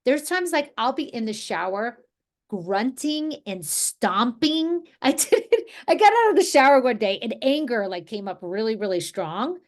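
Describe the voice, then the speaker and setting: A woman from New Jersey leading an energy healing group over a video call, talking in a relaxed, rambling way with many restarts. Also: fairly high pitch, measured pace. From New Jersey, USA. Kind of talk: casual guided group talk.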